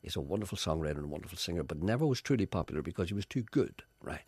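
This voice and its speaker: Animated radio storyteller man. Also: deep voice, very fast, husky, dry recording. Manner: animated, acts out voices in anecdotes. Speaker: radio presenter.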